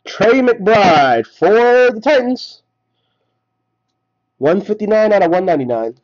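A man hosts a live card break, slowly calling out each card he pulls and lifting his voice at the good ones. His pitch swings widely, with a fairly high voice. The stream audio sounds dull and lo-fi. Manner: rattles off names, excited at big hits. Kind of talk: live card-opening commentary.

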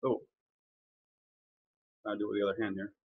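A man's voice: fairly low pitch, level tone, a little fast, narrow, tinny audio, a little hiss or hum. A man teaching a live online violin lesson, explaining casually with fillers.

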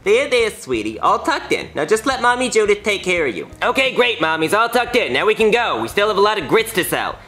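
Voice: medium pitch, very animated, a little fast, hardly any pauses, a bit bright. Judith, someone doing a flirty cow mom. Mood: sugary. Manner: sugary, brash, crude. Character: flirty, brash cow mother puppet.

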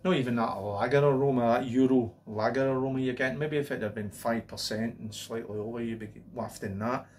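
A man's voice: medium pitch, steady tone, fairly quick, few pauses, darkish tone, a little hiss or hum. A man casually reviewing a cheap lager, rambling on with jokey asides and running gags. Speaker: beer reviewer. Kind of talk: casual beer review vlog.

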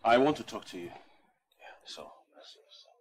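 An indignant slapped brother. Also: male voice, on the high side, wildly swooping pitch, measured pace, full character voice. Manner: reproachful, indignant. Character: wounded older brother slapped by his sister-in-law.

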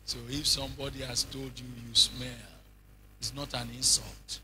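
A man preaching a sermon in an animated, humorous way, full of rhetorical questions and anecdotes. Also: medium pitch, normal speed, a little hiss or hum. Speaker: bishop, preacher.

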